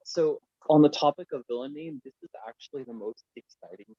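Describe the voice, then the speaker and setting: A man's voice: on the high side, brisk, creaky, mellow, no echo. A man in a casual discussion who keeps drifting away from his mic, so his voice fades in and out. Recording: muffled lo-fi call mic, distant and fading.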